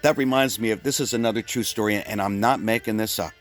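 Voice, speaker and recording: A man from Pennsylvania telling a rambling comic story, full of stumbling restarts and deadpan exaggeration. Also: lowish voice, fast, faint music behind. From Pennsylvania, USA. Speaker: comedian.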